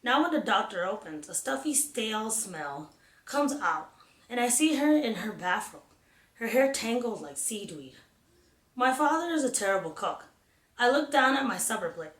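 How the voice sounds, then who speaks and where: A woman reading a novel aloud in a measured, unhurried way. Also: fairly high pitch, big pitch swings, a bit bright. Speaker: reader. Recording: roomy echo.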